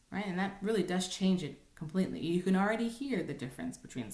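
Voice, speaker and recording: A woman's voice: on the low side, a little fast, hardly any pauses, darkish tone. Woman cantor teaching, echoey room. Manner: conversational, frequent ums and rhetorical "right?". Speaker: cantor teaching Torah chanting. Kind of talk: informal recorded lesson with sung examples.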